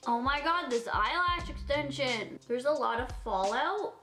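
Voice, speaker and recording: A woman's voice: high-pitched, lively intonation, a little slow, over music. Bubbly young woman gushing over makeup. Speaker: beauty vlogger. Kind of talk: casual makeup tutorial chat.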